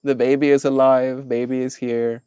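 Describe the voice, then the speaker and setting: A man's voice: mid-range voice, flat delivery, normal speed, dark tone, clear, resonant tone, no echo. Playful man chatting on a live stream. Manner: playful, laughs often, mock voices for viewers. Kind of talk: casual live-stream chat reading chat messages. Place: outdoors with mosquitoes.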